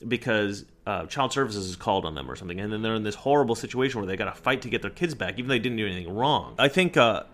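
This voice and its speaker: A man's voice: medium pitch, a bit bright. A man giving an opinionated, argumentative political monologue with emphatic delivery. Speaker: political commentator.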